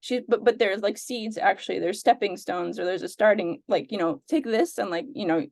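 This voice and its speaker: Earnest, hesitant woman with a gravelly edge. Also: mid-range voice, brisk, a little mellow, dry recording. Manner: hesitant, many fillers, earnest. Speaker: reading group participant. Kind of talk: reflective group sharing.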